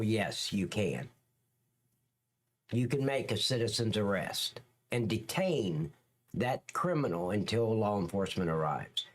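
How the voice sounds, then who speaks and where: A man hosting a livestream, giving blunt, profane, opinionated reaction commentary on police footage. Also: mid-range voice.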